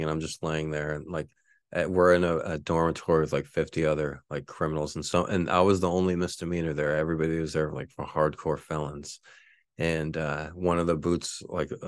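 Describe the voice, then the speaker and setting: A man's voice: very deep voice, no room sound, clean studio sound. A man in his forties, a podcast host, telling a rambling, profane story with frequent laughter. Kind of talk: casual storytelling.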